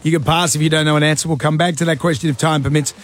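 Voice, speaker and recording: A man's voice: on the high side, steady tone, rapid-fire, noisy background. A man with an Australian accent hosting a radio quiz in a studio, teasing and playful in his banter. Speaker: radio host.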